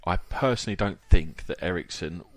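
Low-voiced, hesitant West Country co-host. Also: male voice, fairly quick, fairly bright tone, no room sound. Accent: West Country English. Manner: hesitant, restarts often, agreeable. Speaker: podcast co-host. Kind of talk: casual podcast chat.

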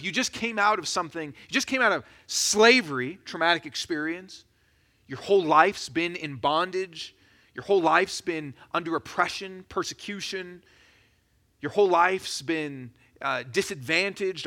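A man preaching a sermon as a pastor, in a conversational, animated storytelling manner. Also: sits high, normal speed.

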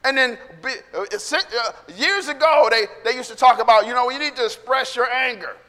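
A man's voice: extremely high pitch, a little fast, bright, forceful tone, big-room sound. A middle-aged male pastor preaching a sermon in a conversational way, acting out quotes and laughing between points.

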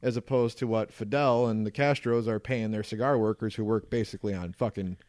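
A man's voice: lowish voice, steady tone, brisk, a little mellow, no echo, clean studio sound. A man in his thirties co-hosting a podcast, telling a rambling story in casual chat with plenty of swearing. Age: 30s. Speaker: podcast co-host.

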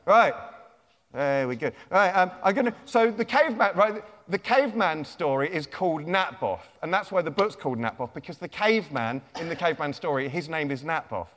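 A high-voiced man talks in a jokey, chatty way to a young crowd. He is a children's author giving a live comic talk. His voice rings out with a long reverb in a big lecture theatre. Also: lively intonation, fairly quick, a bit bright.

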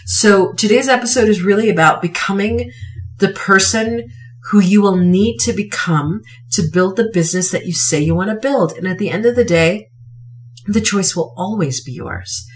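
Earnest woman podcast host, low voice. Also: recorded from a distance. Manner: earnest, emphatic, repeats phrases for weight. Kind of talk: motivational podcast monologue.

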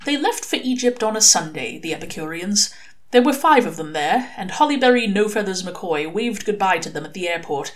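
Expressive woman reading a story aloud. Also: mid-range voice, moderate pace. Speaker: reader. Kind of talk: audiobook reading of a short story.

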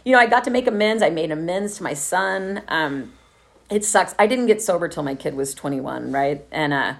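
A woman from Texas shares a candid, profane story of her own recovery with a group, laughing often and acting out the quoted voices. Her voice is fairly low and animated, with vocal fry and a moderate pace.

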